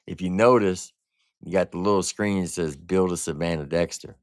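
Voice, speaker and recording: A man's voice: low voice, steady tone, normal speed, dry recording, clean studio sound. A man hosting a casual livestream album review, talking in blunt, profane slang. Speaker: music reviewer and streamer host.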